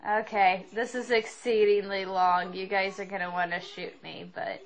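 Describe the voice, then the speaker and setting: A woman's voice: medium pitch, normal speed, few pauses, rough recording. A young woman vlogging in a rambling, self-deprecating way, laughing often and apologizing for going on too long. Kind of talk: rambling casual vlog.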